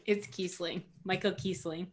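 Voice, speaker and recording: A woman's voice: lowish voice, fairly even intonation, unhurried. A woman competing on a casual online game show, confident and playful, laughing often. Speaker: contestant.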